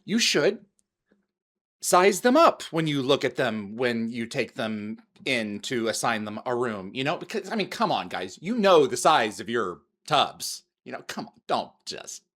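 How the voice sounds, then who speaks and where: A man's voice: mid-range voice, big pitch swings, a little slow, a bit bright. A man hosting an interview, chatting and reflecting on a guest's story. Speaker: host. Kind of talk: casual interview chat.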